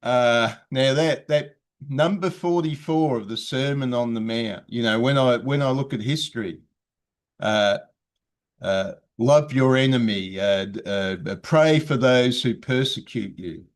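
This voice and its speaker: Male call-in participant, middle pitch, halting casual delivery. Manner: halting, many fillers and throat clearing. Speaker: participant in an online discussion. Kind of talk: casual chat.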